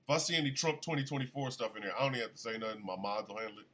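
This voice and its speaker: A man hosting a casual live radio show, chatty and animated, still congested from an illness. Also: on the low side, rapid-fire. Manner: chatty, animated, shouts at his dogs. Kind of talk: casual livestream talk radio.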